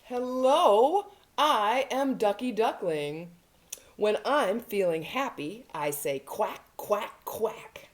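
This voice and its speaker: A woman's voice: mid-range voice, lively intonation, slow, voice pushed up. A woman reading a cheerful little duckling aloud from a picture book, in a bouncy sing-song way.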